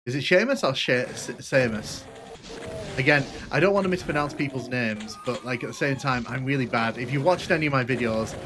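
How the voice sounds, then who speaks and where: A man's voice: mid-range voice, quick pace, few pauses, a crowd in the background. Rambling man streaming live gameplay. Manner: rambling, hesitant, many restarts and fillers. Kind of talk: casual live gameplay commentary.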